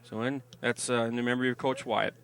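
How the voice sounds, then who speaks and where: A man calling a football game online, eagerly reading out viewer emails and shout-outs. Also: medium pitch, little pitch movement, fast. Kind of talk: live sports webcast commentary.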